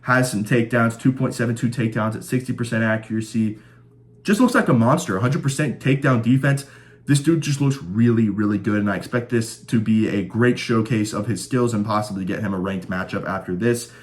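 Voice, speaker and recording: A man's voice: on the low side, fairly quick. Chatty, stat-rattling male fight picker. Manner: chatty, stat-heavy, enthusiastic. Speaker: host of a fight-predictions channel. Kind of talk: casual fight-prediction commentary.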